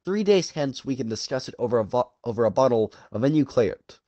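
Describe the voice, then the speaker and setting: Relishing every drawn-out phrase, the man voices a courtly, purring hunter general, an aristocrat both genteel and cruel, in an audiobook, pitching it above his narrator's voice. Yet his medium-pitched, expressive, dark-toned voice stays close to an everyday voice, in a dry recording with the highs cut off.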